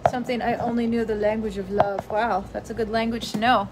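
A woman's voice: on the high side, flat delivery, a little fast, heavy background noise. A young woman in casual, rambling live-stream chat from her family home at night, reading out viewer comments. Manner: rambling, chatty, scattered.

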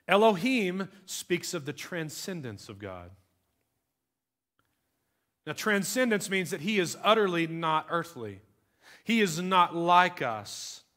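A man with a fairly high voice preaches to his congregation in a loose, talky way. He drops to quiet asides, then leans hard on key words. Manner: conversational preaching, swings between soft and emphatic. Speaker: pastor. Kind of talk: sermon.

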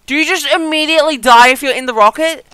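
A gaming video host giving excited let's-play commentary, chatty with viewers, giggling and yelping at surprises. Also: high voice, fast talker, no room sound, low-quality recording. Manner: chatty, talks straight to viewers.

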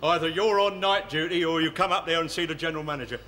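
An actor playing a smug bus inspector in a 1970s sitcom, with a gloating, sarcastic way of talking. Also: male voice, fairly high pitch, fast talker, very noisy, natural voice. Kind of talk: 1970s studio sitcom acting.

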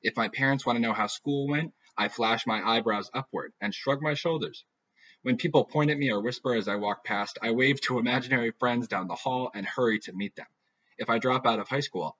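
A man reading a first-person novel aloud with a dry, deadpan delivery. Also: mid-range voice, brisk. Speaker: audiobook reader. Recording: dull lo-fi recording.

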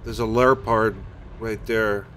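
A man's voice: on the low side, little pitch movement, takes it slowly, a bit bright, a little hiss or hum. A man, streaming a tank game from his home basement, chatting casually with viewers, mocking himself and swearing when things go wrong. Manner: chatty, self-mocking, swears and blurts out during play. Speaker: gaming streamer. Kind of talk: casual live-stream commentary while playing.

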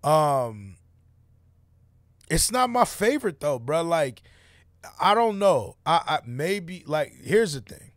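A man talks through a track in a loose, slangy, filler-heavy way. His voice sits a touch high for a man. The sound is dry, with no room around it. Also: big pitch swings, takes it slowly, pauses often, fairly bright tone, dry recording. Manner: laid-back slangy opinions, many fillers. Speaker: music reaction host. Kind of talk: casual reaction commentary.

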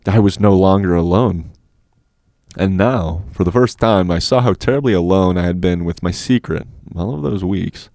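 Guy narrating an audiobook, deep voice, super dry close mic. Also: normal speed, mellow, no echo. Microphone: dynamic studio mic.

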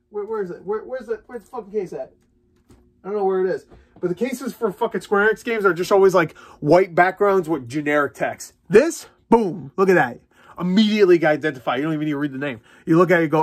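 A man's voice: a little high, fairly bright tone, no room sound. A young man ranting in a casual, profane, exasperated way while unboxing a video game. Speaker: gaming vlogger.

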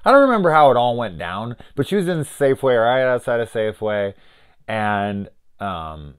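A man's voice: mid-range voice, very animated, normal speed, smooth. A middle-aged man reviewing films in a rambling, profane, sarcastic way. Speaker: film reviewer. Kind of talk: casual film review rant.

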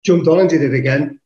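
Heavy background noise and reverb surround an English podcast guest with a high voice. He swears casually through an animated, rowdy story, performing his own quotes.

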